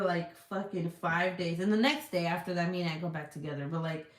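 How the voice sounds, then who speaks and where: A middle-aged woman chatting casually as she reads viewer comments aloud, swearing freely and filling her talk with "like". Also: lowish voice. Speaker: vlogger reading viewer comments. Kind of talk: casual chat. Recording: echoey room.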